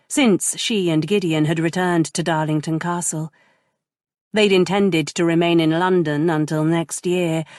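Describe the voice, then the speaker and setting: A woman narrating a romance audiobook in a measured, gentle way. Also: fairly low pitch, no echo, clean studio sound.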